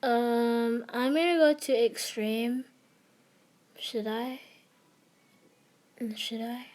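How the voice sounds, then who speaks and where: A woman's voice: fairly high pitch, very slow. A young woman chatting casually and giggling while she plays and streams an online game. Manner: chatty, giggly, easily excited. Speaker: gamer streamer.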